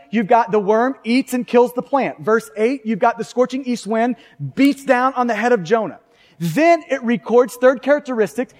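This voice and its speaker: High-voiced preacher in a reverberant hall. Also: male voice. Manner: conversational, rhetorical questions to the congregation. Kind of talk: sermon.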